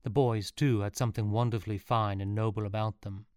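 A man narrating a storybook in a steady, even reading voice. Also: on the low side, brisk, hardly any pauses, clean tone, no room sound, clean studio sound.

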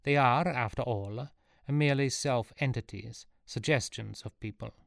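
A man's voice: medium pitch, measured pace, vocal fry, no room sound, clean studio sound. A man voicing an earnest, learned inventor in a storybook reading, speaking in an explanatory way. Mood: explaining.

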